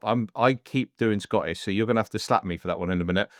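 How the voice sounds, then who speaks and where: A man from Devon, England, hosts a podcast in a voice on the low side, talking a little fast with no echo. Recorded close on a studio mic with headphones, he chats casually, rambles, cracks jokes and often adopts voices while telling stories.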